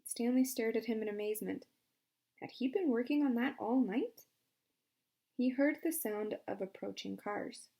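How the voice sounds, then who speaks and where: An audiobook reader with a creaky voice narrates a novel at normal speed. She gives each character their own voice, shifting her pitch and loudness to tell them apart.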